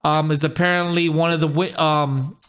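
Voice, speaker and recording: Animated man hosting a podcast. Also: fairly high pitch, normal speed, clear, resonant tone. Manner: animated, quotes people in raised voice. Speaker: podcast host. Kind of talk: casual chat.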